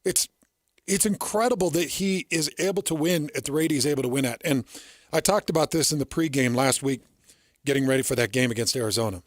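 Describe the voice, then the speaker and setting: A man's voice: medium pitch, a little fast, dry recording, clean studio sound. A middle-aged man hosting sports radio, telling stories in an earnest, emphatic way.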